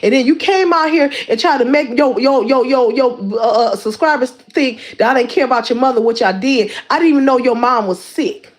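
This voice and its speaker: High-voiced woman going off on her live stream, blunt and worked up, stumbles and repeats herself. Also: a little fast, hardly any pauses. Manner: confrontational, repeats words and restarts. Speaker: livestream host. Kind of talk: heated livestream rant.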